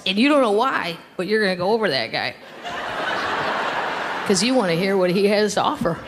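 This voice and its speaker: A woman's voice: medium pitch, lively intonation, a little fast, a loud crowd. A middle-aged woman doing stand-up comedy storytelling with a handheld stage mic, wry and mock-indignant, in a comedy club with a live audience. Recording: reverberant live club recording with noise.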